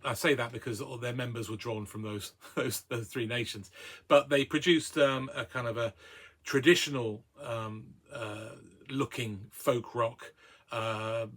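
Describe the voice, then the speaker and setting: A man's voice: medium pitch, fairly bright tone. A man hosting a casual record review, chatty and hesitant with many ums and uhs. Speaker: record collector host.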